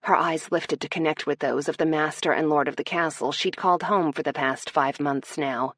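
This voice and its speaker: Husky, low woman narrating a romance audiobook. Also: fairly even intonation, normal speed, a bit bright, no echo, clean studio sound.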